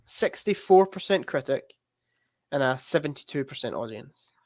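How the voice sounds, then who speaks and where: A man's voice: medium pitch, lively intonation, normal speed, no echo. A man co-hosting a casual film podcast, laughing often and reading out review clues for a guessing game. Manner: laughs often, self-deprecating, reads review quiz clues. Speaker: podcast co-host. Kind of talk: casual chat.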